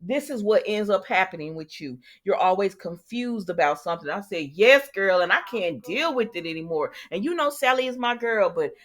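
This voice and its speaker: A woman's voice: mid-range voice, animated, normal speed, hardly any pauses, a bit bright. Sassy woman recapping a soap. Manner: sassy, talks straight to viewers, acts out characters' lines. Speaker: soap opera recap host. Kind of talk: casual chatty recap.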